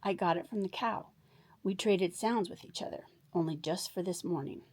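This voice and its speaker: A woman voicing a kind young male cat in a storybook read-aloud, speaking gently and admiringly. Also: on the low side, normal speed, husky. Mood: polite.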